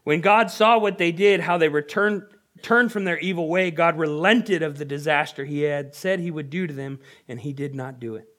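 Young male pastor, fairly high voice, earnest conversational preaching. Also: normal speed, fairly bright tone. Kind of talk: sermon.

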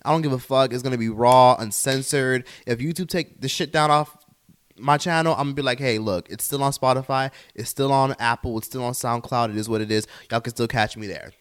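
A young man alone on his own podcast, ranting with heat and plenty of swearing. His voice sits at an ordinary middle pitch, and he keeps slipping into mocking put-on voices when he quotes people. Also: a little fast, clean tone. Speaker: podcast host. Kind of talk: solo podcast rant.

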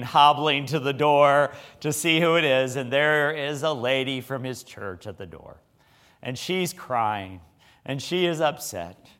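Man, middle-aged, preacher, folksy sermon, conversational, animated storytelling, mid pitch.

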